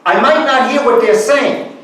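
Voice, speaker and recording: A man's voice: very high-pitched, normal speed, fairly bright tone. A man lecturing a live audience, acting out example phrases and coaxing them to join in. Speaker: guest speaker. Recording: echoey room, far from the mic.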